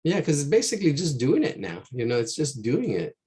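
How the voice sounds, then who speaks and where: An art teacher leads a live online drawing class, working through a painting on a shared screen while talking casually, rambling and repeating himself. His slightly high voice swoops wildly in pitch, moving a little fast with a warm tone. He's picked up by a computer mic during the screen share.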